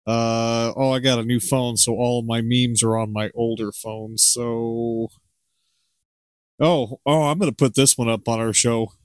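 A man's voice: medium pitch, measured pace, no echo, clean studio sound. A middle-aged man co-hosting a podcast, chatting casually and rambling with chuckles. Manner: rambling, chuckling, animated impressions. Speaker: podcast co-host. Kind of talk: casual unscripted chat.

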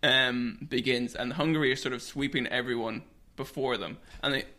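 A man's voice: medium pitch, steady tone, moderate pace, sharp tone. A man co-hosting a podcast, telling football history stories in a casual, chatty way. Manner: storytelling, laughs often. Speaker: podcast co-host.

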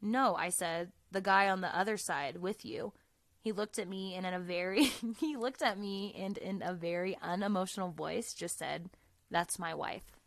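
A woman's voice: mid-range voice, moderate pace, a bit bright, no room sound. A woman hosting a casual podcast, reading listener stories aloud, laughing often and swearing freely.

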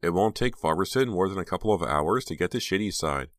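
A man voicing an excitable teenage girl who talks breathlessly and impatiently. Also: deep voice, brisk, no echo, clean studio sound, pitched above the performer's own voice. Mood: alarmed.

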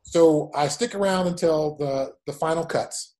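A former football player in his forties tells stories during an interview, acting out the quotes in lively anecdotes. His voice is a little high and his pace unhurried.

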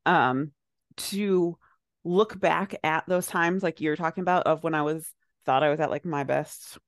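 A woman's voice: low-pitched, unhurried, dry recording, clean studio sound. A young adult woman co-hosting a podcast, talking in a rambling, reflective way, full of "like" fillers. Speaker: podcast co-host. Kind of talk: casual chat.

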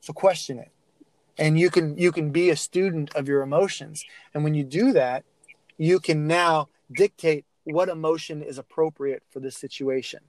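Animated man telling coaching stories. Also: on the high side, normal speed, no echo. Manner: animated storytelling with many restarts and fillers. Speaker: guest, athlete mental-skills speaker. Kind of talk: casual podcast interview.

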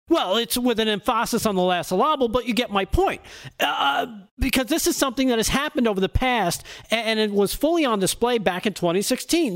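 High-voiced sarcastic male commentator. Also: animated, a little fast, a bit bright. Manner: sarcastic, laughs at his own jokes. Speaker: segment contributor on a talk show. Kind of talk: opinionated talk show commentary.

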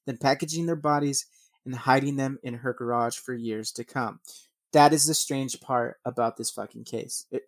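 A man's voice: medium pitch, dry recording. A man narrating true crime cases, reading from news articles and adding blunt, swearing commentary, often stumbling and restarting. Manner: reads news text then rants with swearing; stumbles and restarts over names.

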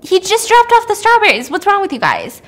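A woman voicing a cheerful, excitable young woman who talks loudly and breathlessly. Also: fairly quick, heavily acted. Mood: alarmed. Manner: loud, high and breathless.

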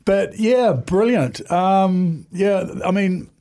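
A man's voice: high-pitched, expressive, slow, warm tone. A man in his forties, a podcast guest, talking candidly and earnestly, with many fillers and restarts. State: emotional at times. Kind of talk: candid conversation.

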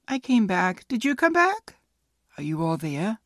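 A woman's voice: medium pitch, sing-song, a little slow, a bit bright, no echo, faint music behind. A woman in her fifties hosting a casual solo podcast, chatty and self-mocking, laughing at her own jokes. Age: 50s. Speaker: podcast host.

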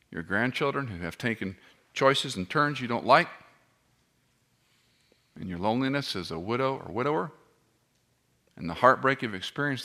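A man in his fifties preaching with fervor, his bright, ringing voice leaping across a wide, animated range. He swings from near-shouts down to hushed murmurs and breaks in with self-mocking asides. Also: mid-range voice. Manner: impassioned, swings from loud cries to hushed near-whispers. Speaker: pastor. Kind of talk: sermon.

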